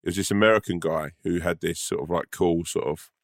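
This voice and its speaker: A man's voice: low voice, steady tone, brisk, vocal fry, no room sound, studio quality. A man, chatting casually on a podcast, rambling and laughing often. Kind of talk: casual banter.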